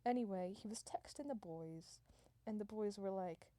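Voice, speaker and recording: A woman's voice: medium pitch, normal speed, mellow. A woman improvising a comic story, rambling, swearing and restarting her sentences as she goes.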